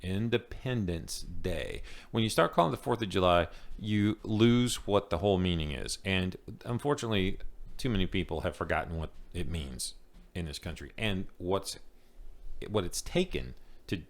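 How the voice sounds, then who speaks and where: A man's voice: deep voice, animated, moderate pace, vocal fry. A man co-hosting a podcast in casual, rambling chat, often restarting his sentences. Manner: loose, rambling, lots of restarts. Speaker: podcast co-host.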